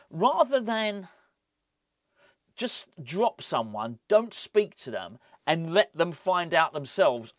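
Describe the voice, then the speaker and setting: A man hosting a casual football vlog, rambling and animated, often breaking off with laughs. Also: a little high, slow pace, dry recording, studio quality. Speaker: football fan channel host.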